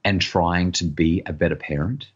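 A man's voice: low-pitched, moderate pace, slightly rough, lo-fi sound. A middle-aged man giving earnest advice as a parenting expert in a podcast interview, often repeating words as he starts a sentence.

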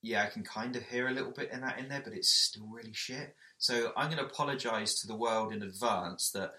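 A man co-hosting a podcast in casual chat, sweary and self-mocking, with quick asides. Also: fairly low pitch, sharp tone. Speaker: podcast co-host. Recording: roomy echo.

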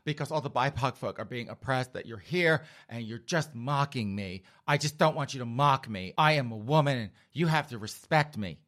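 A man's voice: mid-range voice, animated, moderate pace, hardly any pauses, a bit bright, close to an everyday voice. A man voicing a whiny, entitled young adult daughter in a comedy bit. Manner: whiny, petulant.

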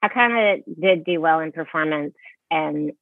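A woman in her thirties chats candidly about her career, full of fillers and restarts. Her voice sits a little low. It comes through a thin, tinny phone line with no room echo. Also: normal speed. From Utah, USA. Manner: chatty, candid, many fillers. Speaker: guest ballet dancer. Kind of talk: casual interview.

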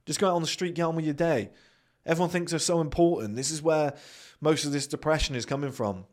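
A man's voice: a little high, fast, a little mellow. Blunt, swearing British man. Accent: British English. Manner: blunt and profane, acts out quoted voices. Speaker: podcast host. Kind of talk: motivational monologue.

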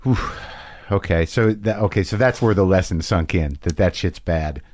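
Blunt, low-voiced male podcast host. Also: darkish tone, no room sound. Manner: blunt, quick affirmations, casual swearing. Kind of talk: casual interview.

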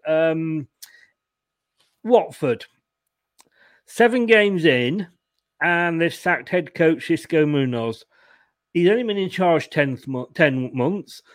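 A man hosting a casual football fan show, chatting and reading out viewer comments with stumbling restarts and easy laughter. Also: on the high side. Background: home setting.

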